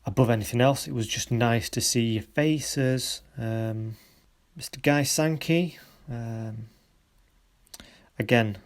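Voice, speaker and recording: A man runs a photography workshop, offering students encouraging feedback on their photos, though his delivery is halting and full of pauses. His voice sits in the mid range.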